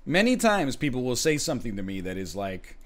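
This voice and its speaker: Male streamer, sarcastic live commentary, lively voice, outbursts. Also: mid-range voice, brisk. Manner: sarcastic, animated, with sudden shouts. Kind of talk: casual live-stream commentary while gaming.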